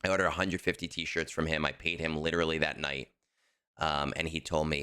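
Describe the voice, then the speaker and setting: Podcast co-host, man, very low voice, crisp and bright, animated emphatic storyteller. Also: a little fast. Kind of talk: casual chat.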